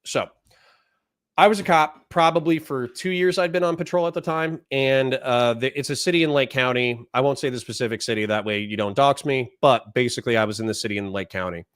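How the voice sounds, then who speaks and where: A young man, a former cop and podcast host, telling a story in a casual, animated way and now and then shouting out the lines he quotes. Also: mid-range voice, a little fast, clear, resonant tone.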